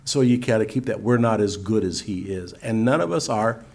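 An older man preaching and teaching, reading scripture slowly and solemnly between folksy asides. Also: lowish voice, creaky, noisy background. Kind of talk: sermon-style teaching.

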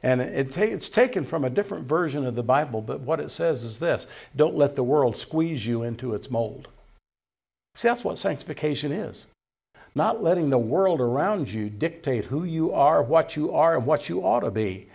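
A man preaching a folksy sermon who rises loud on scripture, his voice tiring. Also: mid-range voice, moderate pace, creaky, slightly rough. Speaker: pastor.

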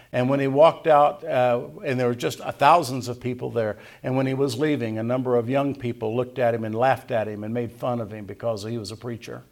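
A man's voice: medium pitch, gravelly, darkish tone. An older man preaching a sermon as pastor, talking earnestly and conversationally and building to emphatic peaks. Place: church.

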